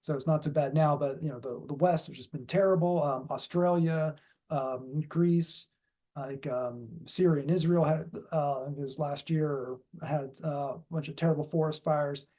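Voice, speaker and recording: A man's voice: fairly high pitch, steady tone, moderate pace, warm tone. A man giving a dharma talk in a casual, rambling way with many fillers and restarts. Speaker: dharma speaker.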